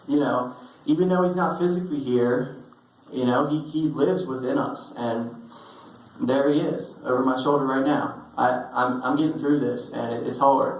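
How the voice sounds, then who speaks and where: A young man giving a personal eulogy, telling stories with halting restarts and fillers, recorded on a phone in a funeral hall. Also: mid-range voice, slight background noise. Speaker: eulogy speaker. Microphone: phone recording from the audience.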